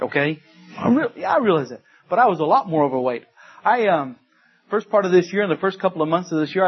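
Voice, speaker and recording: A middle-aged man with a drawl preaches a sermon, leaning on emphatic repetition and homespun stories. His voice sits fairly high and sounds husky. The recording is dull and lo-fi. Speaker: pastor.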